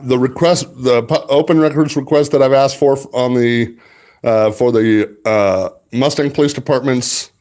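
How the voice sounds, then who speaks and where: An upset man talking in a halting, agitated way with many restarts, livestreaming from his car while driving. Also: mid-range voice, fairly even intonation, darkish tone, dry recording. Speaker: records requester livestreaming. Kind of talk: confrontational livestream.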